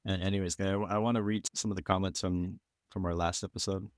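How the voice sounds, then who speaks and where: A man's voice: low-pitched, level tone, fairly quick, clean tone, dry recording, clean studio sound. A male podcast co-host in casual chat, laid-back as he sets up listener comments.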